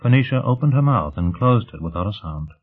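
A man reading a novel aloud in an even, measured narration. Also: on the low side. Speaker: audiobook narrator. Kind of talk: scripted narration. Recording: tinny phone-like sound.

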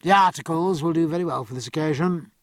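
A man voicing a big, stern ship's captain who barks orders with a forceful voice. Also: on the high side, fast, dry recording, studio quality, natural voice. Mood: cold commanding.

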